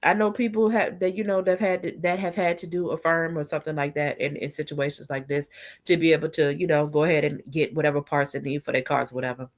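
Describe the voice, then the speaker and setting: A woman's voice: sits low, steady tone, fast. A woman in her forties telling a personal story in a casual storytime vlog, chatty and heartfelt, often asking the viewer if they follow. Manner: chatty, heartfelt, leans on "you know what I'm saying". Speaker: vlogger.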